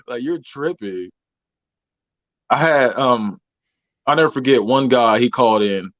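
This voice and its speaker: A man's voice: medium pitch, animated, takes it slowly, no room sound. A man co-hosting a podcast, telling work stories in a loose, profane way and laughing often. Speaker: podcast co-host. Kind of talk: casual storytelling chat. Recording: dull lo-fi audio.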